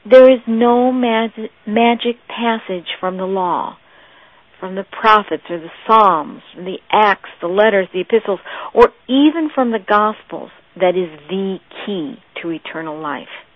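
A woman preaching a sermon in a slow, deliberate, meditative way. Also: medium pitch. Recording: tinny, phone-like dry audio.

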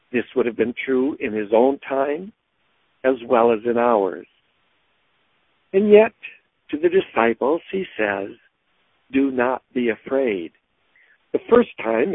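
A man preaching a sermon in a slow, measured way, stressing key words with sudden rises. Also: mid-range voice, husky, no room sound. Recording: tinny phone-like sound.

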